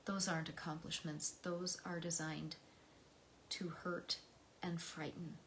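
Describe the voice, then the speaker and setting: A soft-spoken American woman speaks at an unhurried, drawn-out pace, with a voice sitting a little low for a woman. She reads poetry and reflects between the poems, often sinking into a hushed whisper. Faint room ambience sits beneath her. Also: level tone, slight background noise. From United States. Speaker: host reading poems.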